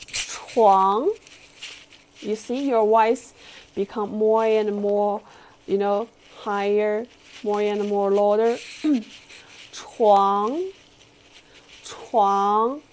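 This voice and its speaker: A Chinese-accented woman teaching a class at a very unhurried pace, with a slightly high voice. She models each sound with patient care, and faint noise hums behind her. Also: darkish tone. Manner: slow, patient, careful tone modelling. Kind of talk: classroom lesson with repeat-after-me drills.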